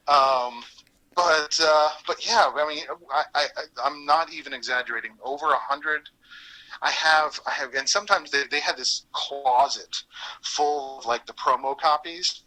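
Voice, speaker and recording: A former voice actor, a man with a fairly high-pitched voice, tells stories at an unhurried pace during a casual interview. He's animated, laughs often, and acts out the lines he quotes. The recording quality is low.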